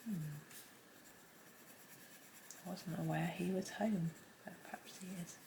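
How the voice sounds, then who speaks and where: A low, gravelly woman chats her way through a colouring lesson at home, rambling along and murmuring little asides under her breath. There is a faint hiss in the background. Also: steady tone, slow. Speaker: colouring tutor. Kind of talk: casual colouring tutorial, talking while drawing. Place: home room with pencils scratching on paper.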